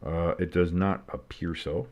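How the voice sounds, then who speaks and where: A sleepy man with a somewhat low voice calls football play-by-play on his live stream. He yawns and drifts into rambling asides between the plays, then perks up for the big moments. His delivery is casual and loose. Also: fairly even intonation, a little slow, darkish tone. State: tired and sleepy, yawning. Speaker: play-by-play streamer and show host. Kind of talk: live play-by-play commentary with reactions.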